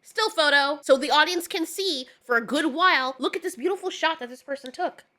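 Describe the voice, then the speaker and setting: A woman's voice: high-pitched, a little fast, bright, forceful tone. A woman giving a ranting casual film review, exasperated and sarcastic, swearing often. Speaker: movie reviewer.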